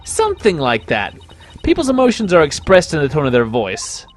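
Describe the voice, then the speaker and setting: A man's voice: on the high side, huge pitch swings, normal speed. A man voicing an eager, bubbly young female lawyer in a video game. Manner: eager, chirpy. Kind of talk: reading game dialogue aloud.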